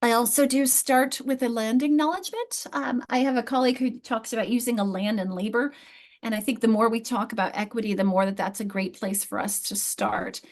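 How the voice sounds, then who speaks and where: A woman's voice: a little high, fairly even intonation, fairly quick. A woman with a New York accent leading an online literacy class in a friendly, chatty way, often restarting her sentences. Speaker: literacy instructor. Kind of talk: online teaching session. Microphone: video call.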